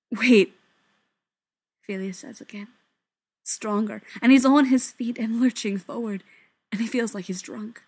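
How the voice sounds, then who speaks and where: A woman narrating a story in a soft voice that often drops to a whisper. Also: a little high. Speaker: story reader.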